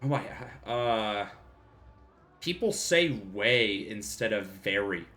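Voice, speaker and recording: A man's voice: lowish voice, animated, slow, bright, forceful tone, soft background music. A man casually commenting while playing a video game on a live stream, joking, laughing often and swearing freely.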